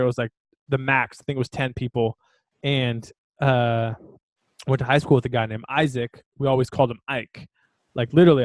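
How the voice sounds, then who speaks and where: A man's voice: mid-range voice, no echo. A man co-hosting a podcast, telling a story in a loose, laughing way with lots of fillers. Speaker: podcast co-host. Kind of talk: casual chat.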